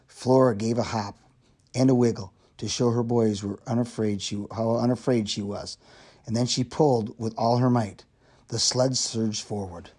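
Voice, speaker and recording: A man reading a children's novel aloud in steady storytelling narration. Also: medium pitch. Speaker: reader.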